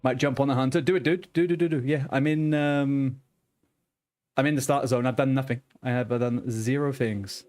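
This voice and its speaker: A man's voice: medium pitch, steady tone, normal speed, a little mellow. Casual, swearing game streamer, a man. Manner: casual, swears often, stammering restarts. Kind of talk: casual live-stream chat.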